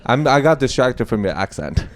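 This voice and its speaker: A man's voice: medium pitch, sing-song. A man doing improvised stand-up, chatty and teasing, often laughing along with the crowd. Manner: chatty, teasing, quick to laugh at his own jokes. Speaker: stand-up comedian. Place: comedy club stage. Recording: live club mic with noise behind.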